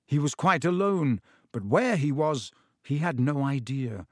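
A man's voice: fairly high pitch, expressive, unhurried, no echo. Dry, close male audiobook narrator.

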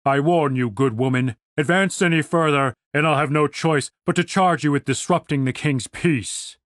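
A man's voice: fairly high pitch, moderate pace, a bit bright, no room sound, clean studio sound, lightly acted. A man voicing a stern older city guard who speaks in stiff, formal phrases. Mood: commanding.

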